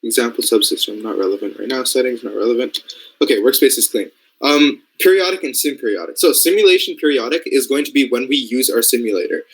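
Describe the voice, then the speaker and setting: Here a young man from Canada talks fast and animatedly in a mid-range voice, recorded roughly. In his role as a robotics programming mentor, he gives a laid-back coding lesson via screen share, voicing his reasoning and checking in often to see that people follow.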